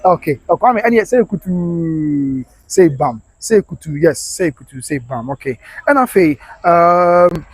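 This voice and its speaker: A man's voice: high voice, big pitch swings, moderate pace, few pauses, no echo. A man with a Ghanaian accent hosting a casual live stream, reading out viewer comments, laughing often and switching between English and Twi.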